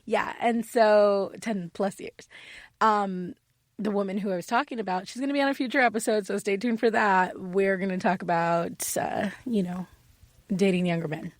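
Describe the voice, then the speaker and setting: A woman's voice: mid-range voice, fairly even intonation, normal speed, dry recording, studio quality. A woman hosting a candid podcast, chatty and laughing often, with many restarts. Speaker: podcast host.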